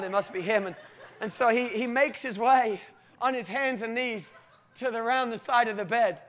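A man preaching a sermon with animated storytelling and emphatic, halting restarts. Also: high voice. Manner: animated storytelling, often breaking into acted voices.

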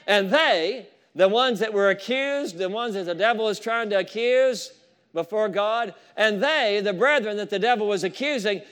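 High-voiced fervent male preacher. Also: normal speed, smooth. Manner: fervent preaching with rising shouts of praise and asides to the congregation. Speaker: pastor. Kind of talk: sermon.

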